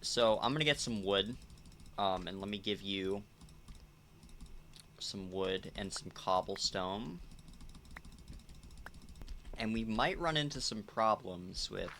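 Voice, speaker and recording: A man hosting a relaxed gameplay commentary, talking very slowly in a low but bright voice. He rambles through his plans and sometimes lets out a sudden, profane outburst, while keyboard clicks sound faintly behind him. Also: slight background noise. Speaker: let's play host.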